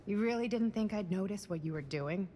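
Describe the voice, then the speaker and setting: An actress playing a bitter, resentful adult sister in a game, with a sarcastic, cutting way of talking. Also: female voice, medium pitch, lively intonation, brisk, noisy background, lightly acted.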